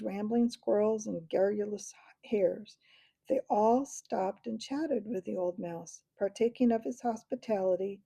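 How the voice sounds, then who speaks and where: A woman narrating a storybook aloud, now and then dropping into soft whispers. Her voice is dark and gravelly with a husky edge. The sound is dry and close. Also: mid-range voice, no room sound. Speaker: audiobook reader.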